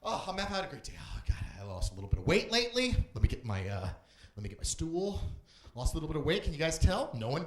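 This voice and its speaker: Male stand-up, high-energy and manic, very lively pitch, roomy club sound. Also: quick pace. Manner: manic, swings between loud shouts and low asides. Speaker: stand-up comedian. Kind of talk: stand-up comedy set. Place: comedy club stage. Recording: roomy club sound, faint background noise.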